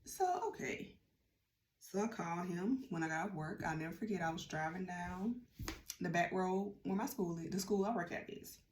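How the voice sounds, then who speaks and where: A woman telling a personal story in a casual, animated vlog, talking straight to her viewers. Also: fairly low pitch, a little fast, reverberant, slight background noise. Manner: animated, chatty, addresses viewers directly.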